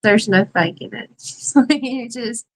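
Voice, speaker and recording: A woman's voice: fairly high pitch, slow, a little hiss or hum, low-quality recording. A woman with a Southern US accent co-hosting a casual beekeeping live chat, chatty and emphatic, laughing often. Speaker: beekeeping livestream co-host.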